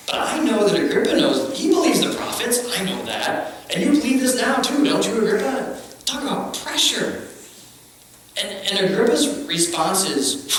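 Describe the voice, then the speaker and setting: Brief: male pastor, chatty and jokey, lively pitch, far-off mic in an echoey church. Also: moderate pace, slight background noise. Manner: conversational, joking, acts out quotes. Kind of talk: sermon. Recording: echoey hall, distant mic.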